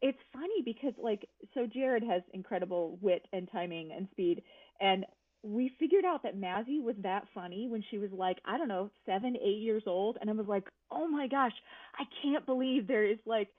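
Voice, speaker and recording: A woman guest on a podcast telling animated, laughing family stories in casual chat. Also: medium pitch, normal speed. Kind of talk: casual storytelling. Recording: tinny dry phone-line sound.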